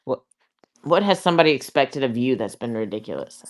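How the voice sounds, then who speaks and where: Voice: mid-range voice, lively intonation. Teasing podcast panelist asking questions. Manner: teasing, quick laughs. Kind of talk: casual group chat.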